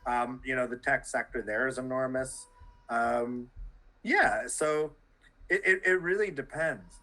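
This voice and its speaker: A man's voice: mid-range voice, unhurried, pushed and bright, rough recording. A Canadian man, a journalist, talking as an interview guest in a loose, rambling way full of "like" and restarts. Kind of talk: casual interview conversation.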